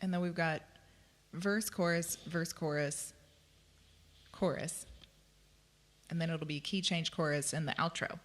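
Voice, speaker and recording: A woman's voice: fairly low pitch, a bit bright. A woman teaching ukulele in a live-streamed lesson, chatty and self-deprecating, often laughing between explanations. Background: her own ukulele playing.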